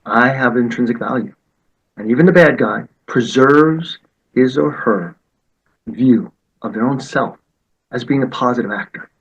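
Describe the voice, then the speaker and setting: A martial arts teacher telling stories in conversation, acting out the quoted voices with lively energy. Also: male voice, medium pitch, a little slow, slightly rough, highs cut off. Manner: animated, acts out quoted voices. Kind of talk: storytelling in conversation.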